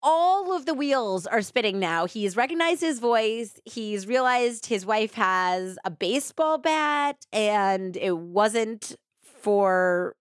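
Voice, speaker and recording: A woman hosting a true crime podcast, retelling the case in a casual, animated way full of quoted voices and asides. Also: on the high side, takes it slowly, few pauses, clear, resonant tone, no room sound, studio quality. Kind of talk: casual storytelling narration.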